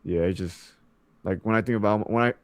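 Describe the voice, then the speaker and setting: A man's voice: fairly low pitch, brisk, no room sound. A young man co-hosting a sports podcast, talking in a loose, rambling way full of fillers and restarts. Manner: loose and rambling, filler-heavy, mimics announcers. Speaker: podcast co-host. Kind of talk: casual sports chat.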